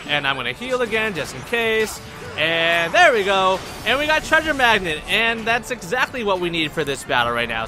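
A man's voice: high voice, big pitch swings, normal speed. A young man giving casual, rambling let's play commentary, joking and talking back to the characters on screen. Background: game music.

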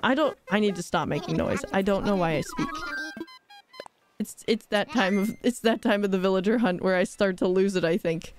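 A young woman chats her way through a live game stream, bubbly and quick to giggle, rambling as she reacts to chat. Her voice sits at an everyday middle pitch. Faint game music plays underneath.

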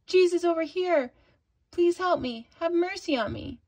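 A woman's voice: a little high, moderate pace, husky. A woman reading as a blind man pleading for help. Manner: pleading, calling out.

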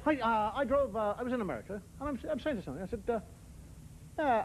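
Brief: high-voiced wry male stand-up, lively delivery, audience laughter and hiss of an old broadcast. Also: rapid-fire. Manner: wry storytelling, mimicking others' voices. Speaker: stand-up comedian. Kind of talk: televised stand-up monologue.

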